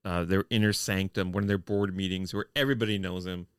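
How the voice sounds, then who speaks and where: A man co-hosting a podcast, recapping a TV episode in a wry, deliberate way with deadpan nitpicks. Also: sits low, smooth, no echo, studio quality. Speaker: podcast co-host. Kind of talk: casual chat reviewing a TV episode.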